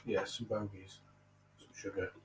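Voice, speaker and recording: A man's voice: on the low side, little pitch movement, unhurried, background noise. A man teasing and joking in an off-mic household chat.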